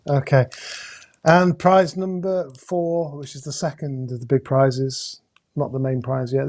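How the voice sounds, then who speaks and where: A man's voice: medium pitch, darkish tone. Chatty man hosting a live raffle. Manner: chatty, halting with many uh's, jokey asides. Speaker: host drawing raffle prizes. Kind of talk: casual live-stream chat. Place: indoors at home with a camera crew.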